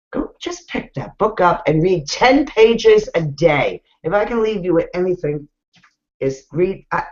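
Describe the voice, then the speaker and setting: A woman hosting an online business webinar, talking casually and bluntly as she coaches viewers directly. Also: lowish voice. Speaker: webinar host. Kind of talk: casual motivational talk. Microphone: video call. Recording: muffled video call audio.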